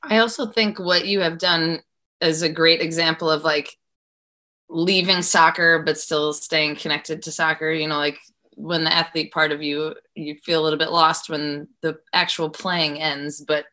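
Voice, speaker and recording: A woman hosts a casual conversation in a low, bright, forward voice. She sounds enthusiastic and full of admiration. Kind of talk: casual chat.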